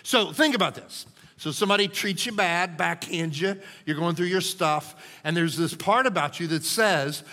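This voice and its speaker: A male pastor preaches with emphatic, animated delivery, often checking in with the room. His fairly high voice is bright and forceful. A long reverb of a church sanctuary trails his words. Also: measured pace, hardly any pauses. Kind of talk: sermon.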